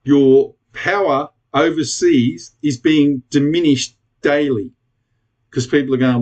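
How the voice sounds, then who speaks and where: A man's voice: a little high, steady tone, takes it slowly, darkish tone. Blunt, swearing Australian man ranting. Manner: blunt, swearing, pleading and rambling. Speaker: prepper vlogger. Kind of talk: casual rant to camera.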